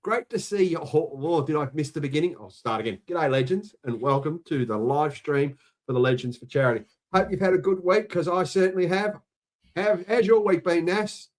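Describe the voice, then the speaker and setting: Chatty Australian man, slightly high voice. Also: a little fast. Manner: chatty, reading out viewer shout-outs. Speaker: livestream co-host. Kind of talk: casual chat.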